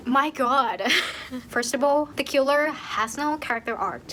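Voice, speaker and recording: A young woman ranting in a casual book review, animated, swearing and laughing often. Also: on the high side, slow, slight background noise, poor audio. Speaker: book vlogger.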